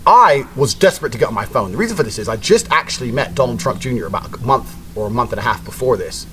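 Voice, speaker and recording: A man's voice: mid-range voice, animated, fast talker. A man telling a story in a blunt, casual way, with heavy swearing.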